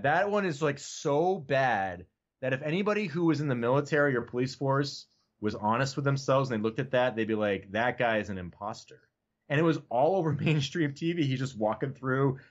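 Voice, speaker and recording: A man speaking as a podcast guest in a loose, rambling way, peppered with swearing and fillers. His voice sits in an ordinary middle pitch. The audio is dull and lo-fi. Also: lively intonation, moderate pace. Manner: loose, profane, fills speech with "like" and "you know what I mean". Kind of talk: casual chat.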